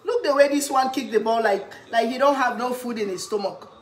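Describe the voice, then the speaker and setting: A woman chatting casually in an eating vlog, humming with pleasure between bites and cheering when something catches her eye, then giving a playful pitch for her own products. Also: brisk. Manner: chatty, talks while eating, hums with pleasure, bursts into cheers. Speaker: cooking vlogger.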